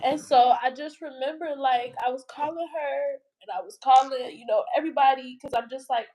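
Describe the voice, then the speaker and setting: A woman's voice: high voice, fairly even intonation, moderate pace, few pauses, darkish tone, rough recording. A woman being interviewed, telling a personal story in a rambling, emotional way with many fillers. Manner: rambling, emotional retelling full of "like". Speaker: interview guest.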